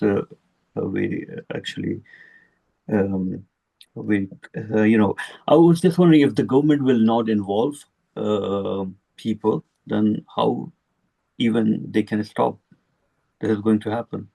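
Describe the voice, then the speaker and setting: A man hesitantly asking a question on an online panel, halting with many fillers. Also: on the low side, gravelly, warm tone, husky, dry recording. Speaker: audience member asking a question.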